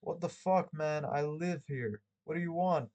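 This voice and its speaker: A man voicing a scruffy young man who protests loudly and indignantly at a police officer while reading a memoir aloud. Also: fairly high pitch, measured pace, dull audio, close to an everyday voice. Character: scruffy young man feigning outrage at a cop.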